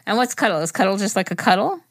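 A woman's voice: mid-range voice, lively intonation, quick pace, no echo. A young woman co-hosting a podcast in casual chat, talking freely, swearing and laughing often. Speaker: podcast co-host.

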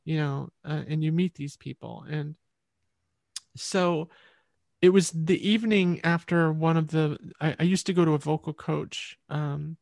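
A woman's voice: low-pitched, fairly even intonation, unhurried, creaky, a little mellow, no echo, studio quality. A woman musician, a guest in an interview, telling her story in a rambling, reflective way.

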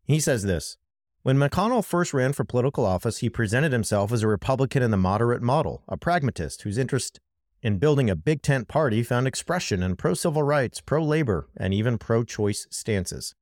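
A man's voice: medium pitch, animated, brisk, a little mellow, dry recording, clean studio sound. A man co-hosting a podcast, talking through politics in an impassioned, emphatic way and speaking straight to his co-host. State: worked up. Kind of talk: casual political commentary.

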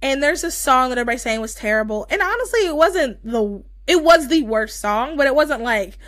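A woman's voice: sits high, animated, brisk, fairly bright tone, no room sound. Chatty young woman, dry close sound. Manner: chatty, gushing, lots of fillers. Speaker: podcast co-host. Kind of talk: casual chat.

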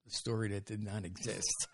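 A man's voice: lowish voice, level tone, normal speed. A man in his seventies, a rambling, jokey storyteller chatting casually in an interview about running comedy shows. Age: 70s. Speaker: comedy show producer.

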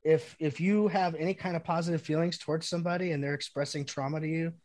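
A man's voice: fairly high pitch, steady tone, fast, darkish tone. A man who is a podcast guest and combat veteran, talking bluntly and profanely in casual chat.

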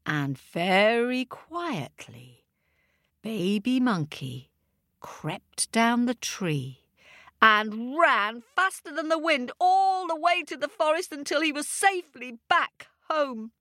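A woman reading a children's story aloud with an animated, expressive manner. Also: sits high, slow pace, no room sound, studio quality.

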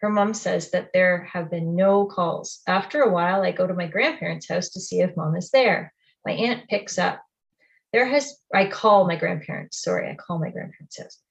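A woman telling a personal memoir in the first person and the present tense, quiet and reflective. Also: lowish voice, normal speed, vocal fry, muffled recording. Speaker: storyteller.

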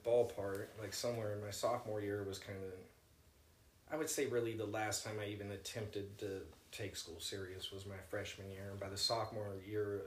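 A man's voice: lowish voice, level tone, moderate pace, reverberant, a little hiss or hum. A man co-hosting a podcast, talking in a rambling casual way with many fillers. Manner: rambling, hesitant, lots of fillers. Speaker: podcast co-host. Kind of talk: casual chat.

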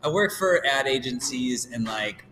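A man's voice: mid-range voice, lively intonation, moderate pace, bright, forceful tone. A middle-aged man from Illinois, chatting casually as a podcast guest, rambling with lots of restarts. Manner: rambling, restarts often, laughs easily. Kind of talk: casual chat. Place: event venue room. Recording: distant mic with hall echo and faint noise.

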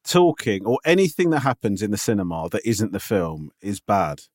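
A man's voice: on the low side, very animated, normal speed, a little mellow, dry recording, clean studio sound. A man co-hosting a podcast in a casual chat, teasing and skeptical, often stumbling over restarts. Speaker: podcast co-host.

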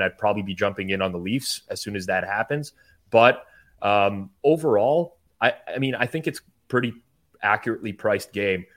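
Low-voiced man giving stat-heavy betting talk. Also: fairly bright tone. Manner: measured, stat-heavy, with stammered starts. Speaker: sports betting host. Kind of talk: casual sports betting analysis.

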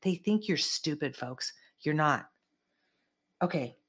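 Low-voiced woman, rambling commentary host. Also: animated, slow, breathy edge. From California. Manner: rambling, emphatic, with frequent asides. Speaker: host of an online commentary show. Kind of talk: casual political commentary monologue.

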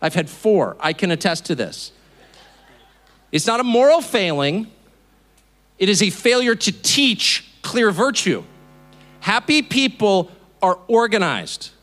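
Man, 50s, high voice, very lively pitch, indignant mocking speech, live audience. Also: slow pace, long pauses. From California. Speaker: speaker. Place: auditorium.

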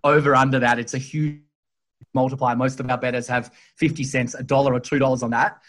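A man speaks as a podcast guest, holding his pitch level as he explains. He leans on fillers and restarts, circling back to his point. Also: little pitch movement, fairly quick, a bit bright. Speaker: sportsbook executive guest. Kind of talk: podcast interview.

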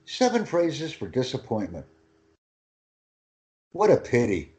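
A male English teacher working through lists of phrases, his pitch swinging widely as he stresses each one. He speaks slowly and deliberately, giving every phrase room before his student repeats it. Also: huge pitch swings, dark tone, slight background noise. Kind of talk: language lesson, reading phrases for repetition.

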